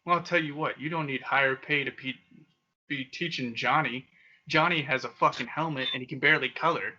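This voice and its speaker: A man's voice: medium pitch, fairly quick, sharp tone, muffled recording. A young man co-hosting a casual podcast, telling crude stories and laughing often. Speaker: podcast co-host. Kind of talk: casual chat. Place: Okinawa.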